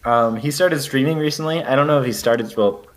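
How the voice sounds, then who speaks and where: A man's voice: mid-range voice, brisk. A young man co-hosting a podcast, trading jokes and profane comic asides in casual banter. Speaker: podcast co-host.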